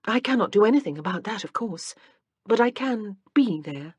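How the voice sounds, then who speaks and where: A woman's voice: mid-range voice, lively intonation, moderate pace, husky, no room sound, pitched above the performer's own voice. A woman voicing a playful, teasing young wife in an audiobook. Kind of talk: audiobook character reading.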